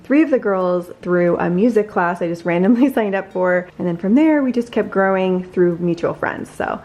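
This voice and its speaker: A woman's voice: medium pitch, expressive, normal speed, darkish tone. A woman in her thirties, a chatty and upbeat vlogger who laughs easily as she talks to her viewers. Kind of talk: casual vlog chat.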